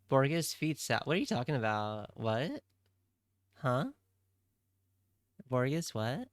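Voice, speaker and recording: A young man chats to his stream at an unhurried, drawn-out pace, rambling and joking along. His voice comes through smooth and clear. The sound is dry and close, with no room around it. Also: mid-range voice, wildly swooping pitch, dry recording. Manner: rambling, playful, talks straight to chat. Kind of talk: casual livestream chat.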